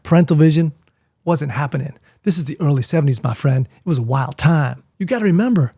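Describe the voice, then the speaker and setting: Florida-raised man, fifties, animated joking vlog storyteller, slightly higher voice. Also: a little fast, breathy edge. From Miami, Florida, USA. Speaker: martial arts teacher and vlogger. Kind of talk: casual storytelling to camera.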